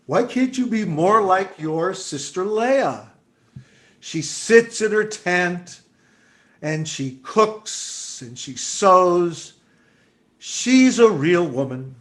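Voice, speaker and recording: A man voicing a gruff father who yells scornfully at his daughter, in a storytelling voice. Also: high voice, lively intonation, extremely slow, exaggerated voice. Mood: scolding. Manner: shouting, scornful. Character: gruff scolding father, middle-aged man.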